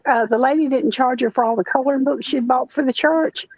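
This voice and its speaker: Older woman, high voice, slow folksy storyteller, muffled dry audio. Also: darkish tone, no room sound. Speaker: chat participant. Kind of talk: casual chat, storytelling. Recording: dull, muffled sound.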